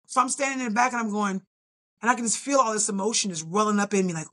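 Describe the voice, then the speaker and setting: A middle-aged woman with a slightly high voice recounts her story as a podcast guest. She talks casually and animatedly, jumping into quick acted-out reactions of her own. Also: lively intonation, sharp tone.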